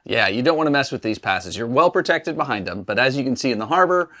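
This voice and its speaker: A man's voice: medium pitch, big pitch swings, fast talker, fairly bright tone. A man hosting a sailing vlog, explaining things in a casual voice-over conversation.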